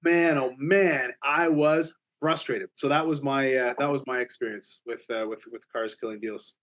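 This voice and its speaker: A man's voice: mid-range voice, steady tone, normal speed, a bit bright. A man, a realtor co-hosting a podcast, telling a story animatedly and acting out both sides of the conversation. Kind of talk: casual storytelling chat.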